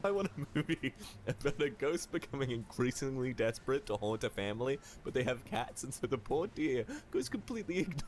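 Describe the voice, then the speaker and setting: A man's voice: mid-range voice, lively intonation, brisk, a little hiss or hum. A man narrating short comedy clips in a dry, scripted storytelling delivery.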